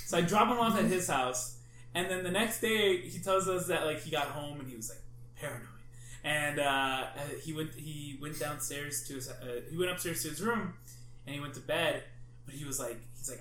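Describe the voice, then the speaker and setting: A man's voice: a little high, brisk, sharp tone. A man hosting a podcast, telling funny stories in casual chat, acting out his friends' reactions and swearing freely. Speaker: podcast host. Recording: echoey room, faint background hum.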